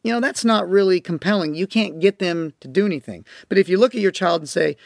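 A man's voice: sits high, quick pace, vocal fry, no room sound, clean studio sound. A man teaching parents as a coach, talking emphatically and repeating his key phrases. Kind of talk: instructional talk to parents.

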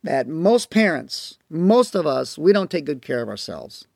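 A man's voice: on the high side, sing-song, unhurried, gravelly, a little mellow, dry recording, studio quality. A man teaching parents as a coach, talking emphatically and repeating his key phrases. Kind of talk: instructional talk to parents.

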